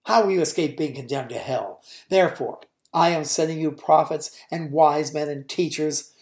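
A low-voiced woman reading out a stern man delivering judgment, loud and forceful, his words ringing with grief and anger. The tone is dark and mellow rather than bright, and every line comes out in heavy declamation. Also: normal speed, reverberant, natural voice. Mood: denouncing. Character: stern, grieving man denouncing religious leaders.

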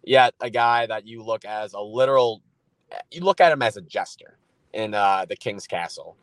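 A man co-hosting a podcast, speaking bluntly and deliberately in casual chat. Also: lowish voice, no room sound, poor audio. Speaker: podcast co-host.

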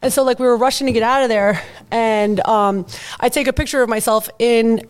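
A woman co-hosting a podcast, telling a funny story in a casual, animated way and acting out quotes. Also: brisk, clear, resonant tone. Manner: animated, laughing, acts out quotes in a high voice. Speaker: podcast co-host.

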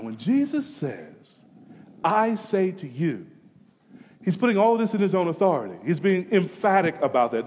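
Male preacher, sermon delivery, dynamic from quiet to fervent, high-pitched, long hall reverb. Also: slight background noise. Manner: dramatic swings from hushed to emphatic, rising to near-shouts. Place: church sanctuary.

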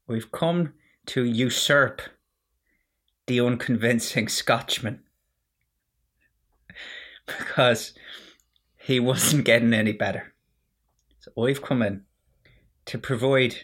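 A man's voice: medium pitch, a bit bright. A man voicing a cheeky, self-mocking co-host in a put-on generic Irish accent. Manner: playful, self-mocking banter.

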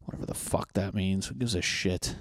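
A man's voice: deep voice, brisk, no echo, clean studio sound. A man hosting a podcast, rambling through casual tangents with frequent swearing and jokes. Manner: profane, tangent-prone, jokey. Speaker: podcast host. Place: apartment in Los Angeles.

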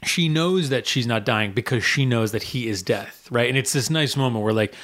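A man's voice: mid-range voice, moderate pace, a bit bright. Opinionated male podcast co-host. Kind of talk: casual film discussion.

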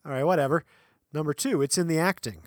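A man co-hosting a podcast in casual chat, animated and laughing often, now and then reading from an article. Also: fairly high pitch, fast talker, dry recording, clean studio sound. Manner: animated, laughs often, breaks into playful voices. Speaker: podcast co-host.

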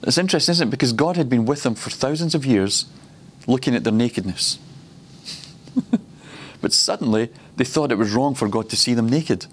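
A man's voice: mid-range voice, animated, normal speed, a little hiss or hum. A man preaching at a ministry school, personal and reflective, often laughing between points.

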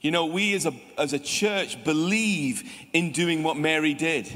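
A Scottish man with a lively, chatty manner, preaching a sermon as pastor and talking directly to his congregation. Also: a little high, measured pace. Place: church hall. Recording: church hall reverb.

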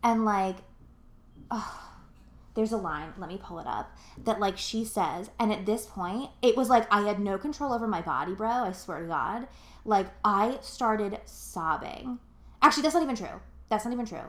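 A young woman co-hosts a podcast in loose, rambling chat, packing her sentences with fillers and curse words. Her voice sits at an ordinary middle pitch. The recording sounds roomy, with a noticeable echo around her. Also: expressive, normal speed. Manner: rambling, filler-heavy, profane and emotional. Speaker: podcast co-host. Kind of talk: casual chat.

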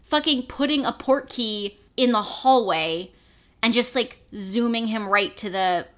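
A woman hosting a podcast in casual chat, animated and profane as she rants. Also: on the high side, measured pace. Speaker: podcast host.

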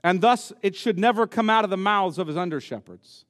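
A man's voice: high-pitched, animated, a little fast. A man preaching a sermon as pastor, emphatic and repeating key words for stress. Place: church sanctuary. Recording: long reverb of a church hall.

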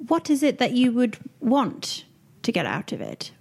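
A woman's voice: fairly high pitch, huge pitch swings, a little slow, vocal fry, darkish tone, slightly rough. A woman playing a character in a tabletop role-play game, speaking in a playful way. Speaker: player.

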